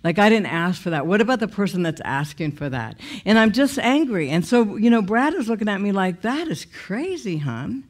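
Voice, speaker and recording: A woman's voice: medium pitch, expressive, brisk, few pauses. A woman sharing a personal testimony in a conversational, emotional way. She uses many fillers and restarts, and her voice jumps up sharply when she quotes her own angry words.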